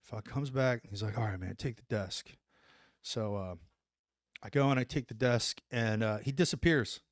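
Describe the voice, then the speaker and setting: A man's voice: mid-range voice, normal speed, no echo. Male ex-Ranger guest, casual and profane storyteller, mid-range voice, dry close mic. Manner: animated, profane storyteller acting out dialogue. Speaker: former Army Ranger guest.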